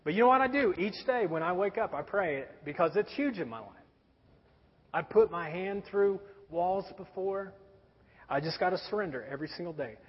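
A man's voice: high voice, animated, normal speed, husky. A man in his forties, a pastor telling a story in a sermon with a conversational, wry humor. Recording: dull sound with long hall reverb.

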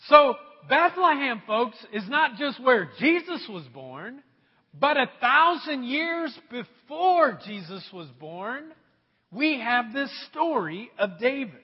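A male pastor delivers an animated sermon in a notably high, husky voice. His pitch leaps around as he tells the story. The sound is dull and trails off in a long hall echo. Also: takes it slowly. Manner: animated storytelling, talks to the congregation.

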